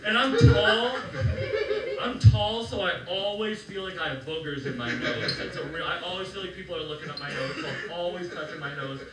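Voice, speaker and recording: Man, stand-up comedian, animated storytelling, distant mic, roomy club, crowd laughter. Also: fairly high pitch, a little fast. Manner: animated storytelling, acts out quotes. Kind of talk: stand-up set to a live crowd. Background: audience laughing.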